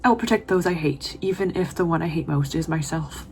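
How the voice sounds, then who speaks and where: Woman, lowish voice, book vlogger, reads aloud, gushing emotional reactions. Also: a little fast, a little mellow, slight background noise. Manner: emotional, gushing reactions with laughs and whispered asides. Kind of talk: casual reading vlog, reading passages aloud.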